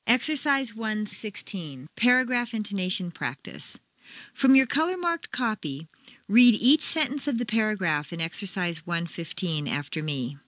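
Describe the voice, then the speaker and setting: A woman's voice: medium pitch, very animated, moderate pace, bright, forceful tone, no echo. American woman reading accent-training drills. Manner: exaggerated intonation for demonstration. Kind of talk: scripted instructional reading.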